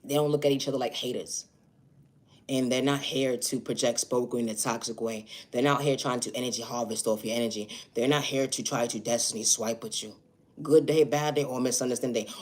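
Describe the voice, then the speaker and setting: A man's voice: medium pitch, darkish tone. A man delivers a motivational monologue to his own viewers, earnest and insistent in tone. He keeps circling back to a few set phrases, repeating them as refrains throughout. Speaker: self-made video creator.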